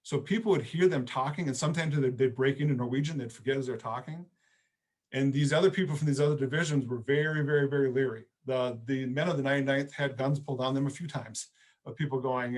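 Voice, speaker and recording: A middle-aged man, a history professor, giving an online history lecture in a relaxed, storytelling way. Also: mid-range voice, fast. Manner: conversational storytelling with casual phrasing.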